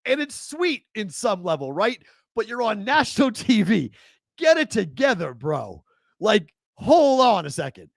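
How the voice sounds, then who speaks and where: A man's voice: sits high, unhurried, vocal fry, dry recording, studio quality. A man with a Boston accent hosting a live sports talk show, ranting in disbelief and laughing as he talks. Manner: incredulous, animated ranting with laughs. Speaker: host.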